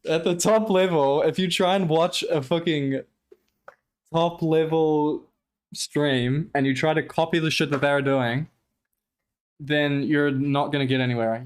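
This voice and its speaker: A man streaming and commenting casually, talking in an animated, profane, exasperated rant while reacting to gameplay. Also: mid-range voice, clean tone.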